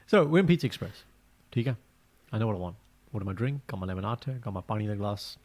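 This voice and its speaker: Speaking quickly in casual podcast chat, this young co-host spins lively stories. When quoting people, he performs their lines in a high voice.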